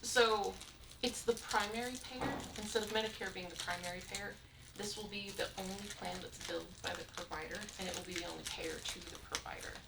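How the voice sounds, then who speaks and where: Committee presenter woman, fry in the voice, calm explainer, distant mic in a reverberant hall. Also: mid-range voice. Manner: measured explanatory. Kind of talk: explaining at a public meeting. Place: county meeting room. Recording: echoey room, distant mic, clear noise.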